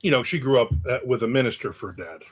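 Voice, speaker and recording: A man's voice: medium pitch, lively intonation, quick pace, slightly rough. A man in his fifties hosting a casual livestream, reading comments with rambling, joking remarks and chuckles. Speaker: host.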